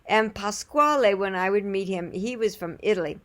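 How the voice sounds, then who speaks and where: A woman's voice: medium pitch, normal speed, fairly bright tone. A woman casually telling anecdotes in a chatty, rambling way, often restarting her sentences. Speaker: storyteller.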